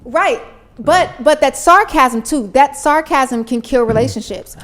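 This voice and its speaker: A woman's voice: high voice, unhurried, crowd noise. A young woman co-hosting a podcast, explaining earnestly in casual chat with frequent restarts. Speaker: podcast co-host.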